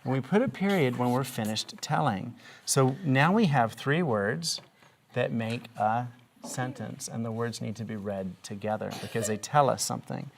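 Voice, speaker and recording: A woman with a strikingly deep voice and a gravelly edge leads young children through a reading lesson. She is patient and encouraging, and she keeps drawing answers out with steady questions. A faint hiss sits under the recording. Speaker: reading teacher.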